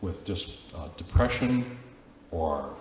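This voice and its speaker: A priest preaches a Sunday homily in a relaxed, chatty way, his pitch rising and falling often as he asks the congregation questions. His voice rings through a large church with strong, lingering reverb and faint room noise behind him. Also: slow pace. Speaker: Catholic priest. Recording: very echoey church with long reverb, faint ambience.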